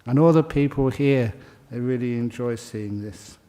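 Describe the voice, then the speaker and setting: A man leading a ceremony, reading out names and welcoming each new member in a chatty, good-humoured way. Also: mid-range voice. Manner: slow, warm-hearted and chatty, laughing between names. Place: meditation hall.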